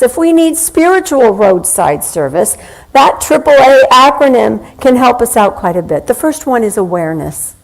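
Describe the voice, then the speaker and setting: Woman preaching a relaxed, conversational sermon. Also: on the high side, low-quality recording. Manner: conversational, anecdotal, with slow deliberate pauses. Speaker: minister.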